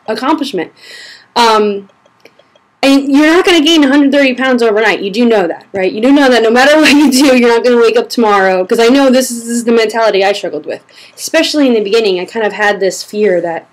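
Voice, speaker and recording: A woman's voice: a little high, brisk. A young woman chatting casually to camera as a blogger answering reader questions, a little short of breath, rambling with fillers and restarts. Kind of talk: casual vlog chat.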